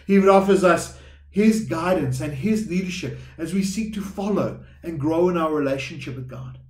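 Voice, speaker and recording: A man's voice: high-pitched, reverberant. A man preaching a sermon as pastor, earnest and repetitive, often addressing listeners as friends. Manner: earnest, repeats words, calls listeners friends.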